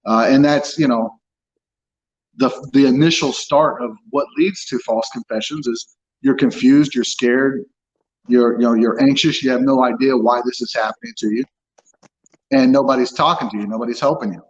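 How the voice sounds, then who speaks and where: A man of ordinary pitch tells his story as an interview guest, blunt and unfiltered, with curse words slipping in as plainly as any other word. The audio is dull and lo-fi. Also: steady tone, moderate pace. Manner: blunt, swears freely, frank storytelling. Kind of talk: candid personal account.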